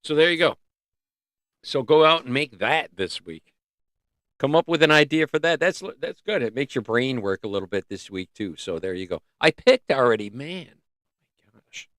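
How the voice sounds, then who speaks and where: A man hosting a casual livestream, rambling and joking as he thinks out loud. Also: mid-range voice, no room sound, studio quality. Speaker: livestream host.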